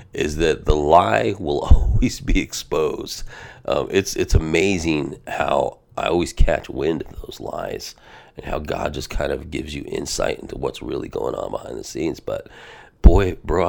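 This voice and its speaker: Very deep gravelly-voiced male pastor host. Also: normal speed. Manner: energetic, informal, peppered with "man" and "bro". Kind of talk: casual devotional podcast chat.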